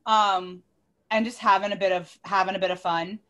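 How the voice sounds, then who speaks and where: A tipsy podcast co-host tells a story in casual chat, swearing freely, interrupting herself, and staying animated throughout. Her voice is mid-range and her speed normal.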